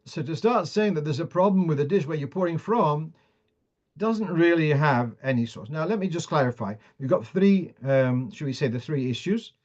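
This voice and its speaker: A rabbi teaches a class on Torah law, his voice pitched a little higher than most men's. He reads Hebrew and Aramaic passages aloud, translates them, and often stops and restarts to make a point clearer. The sound is dull and lo-fi. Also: animated, normal speed, a little mellow. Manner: explanatory, with frequent restarts.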